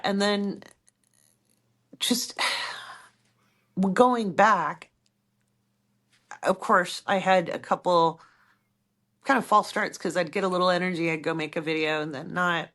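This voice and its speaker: A middle-aged woman co-hosting a podcast, chatting casually and rambling through stories in an animated way. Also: fairly low pitch, slow, pauses often. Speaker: podcast co-host.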